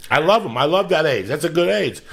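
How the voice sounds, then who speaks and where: A middle-aged podcast host with a New Jersey accent, chatting boisterously and swearing freely. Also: male voice, fairly high pitch, expressive, a little fast, creaky, slight background noise. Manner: boisterous, profane, brash. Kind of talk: casual podcast chat.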